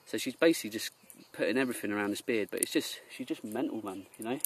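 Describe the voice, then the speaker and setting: A man's voice: fairly high pitch, lively intonation, fast. A young man from Jersey ranting in a vlog, rambling and exasperated, often mimicking the people he complains about. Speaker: vlogger.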